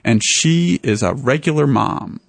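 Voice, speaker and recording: A man, an author, telling stories in an interview in an animated way. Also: unhurried, creaky, no room sound. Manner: animated, voices the people in his stories with raised pitch. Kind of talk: storytelling in a radio interview.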